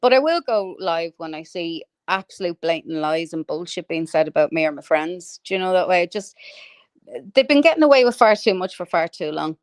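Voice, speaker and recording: Animated woman ranting with laughs. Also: on the low side, a little fast, clear, resonant tone, dry recording, studio quality. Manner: animated, swears freely, laughs while ranting. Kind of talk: casual chat on a livestream.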